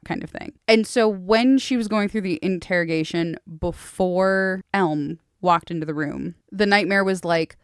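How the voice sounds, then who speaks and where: A woman co-hosting a casual book-club podcast, sarcastic and animated, swearing freely. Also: lowish voice, moderate pace, few pauses, clear, resonant tone, no room sound, clean studio sound. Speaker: podcast co-host.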